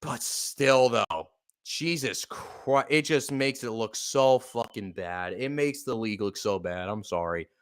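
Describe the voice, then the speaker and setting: A young man giving live, profane fan play-by-play of a football game, exasperated and bursting into loud outbursts. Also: mid-range voice, a little slow, smooth. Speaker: podcast play-by-play host.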